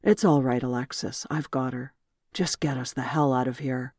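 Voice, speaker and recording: A narrator voicing a soft-spoken, commanding leader. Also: fairly even intonation, moderate pace, slightly rough, dry recording, studio quality, natural voice. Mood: calm. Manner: soft-spoken, low and firm. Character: protective commanding young male leader.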